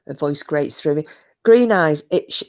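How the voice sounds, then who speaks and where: A woman's voice: low voice, lively intonation, normal speed, darkish tone. A woman hosting a live stream, chatting casually, reading out comments and talking bluntly with plenty of swearing. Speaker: livestream host.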